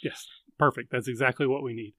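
A man's voice: mid-range voice, steady tone, brisk, bright, forceful tone, no room sound. A man hosting a casual live chat show, chatting easily and reading out viewer questions.

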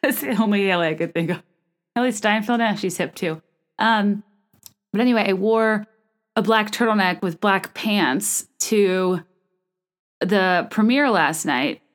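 A woman in her thirties talks alone into a microphone, rambling through funny stories about herself. Her telling is animated and self-mocking, with quick asides and little restarts. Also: mid-range voice. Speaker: podcast host. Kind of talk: solo comedic podcast monologue. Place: small room. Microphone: studio microphone.

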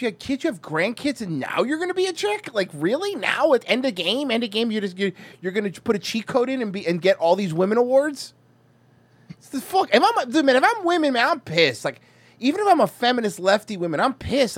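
An American man co-hosting a podcast, crude and animated. His voice sits high and swoops widely. The sound is dry and close. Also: brisk, breathy edge, no echo. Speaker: podcast co-host. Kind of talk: casual chat.

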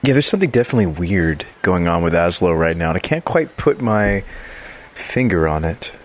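A man's voice: deep voice, very animated, a little fast. A man playing a tabletop game, speaking dryly and wryly in character. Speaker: player. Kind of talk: tabletop role-play chat.

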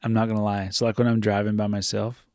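A man's voice: fairly low pitch, little pitch movement, quick pace, a little mellow, no echo, studio quality. A man co-hosting a podcast, chatting casually and jokingly about a road trip with his partner. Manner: rambling, jokey, talks over partner. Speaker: podcast co-host. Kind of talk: casual chat.

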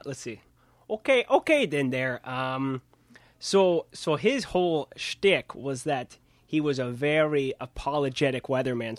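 A man's voice: medium pitch, no room sound. A man from Kansas, a puppeteer, chatting in his puppet studio in a self-deprecating way with frequent laughs. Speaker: puppeteer guest. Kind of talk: casual interview.

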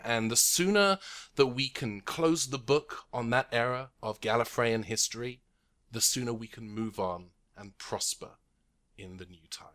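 A man voicing a cold, dismissive male Time Lord official in a tabletop game, formal with halting restarts. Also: medium pitch, a bit bright.

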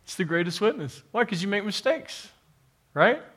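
Emphatic male preacher, somewhat high voice. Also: big pitch swings, normal speed, a bit bright, slightly rough. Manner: emphatic, repetitive, addresses the congregation directly. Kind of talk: sermon. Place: church, to a live congregation with an online audience.

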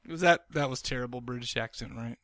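A man hosting a casual podcast, joking and excitable. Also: mid-range voice, quick pace, no room sound, clean studio sound. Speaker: podcast host.

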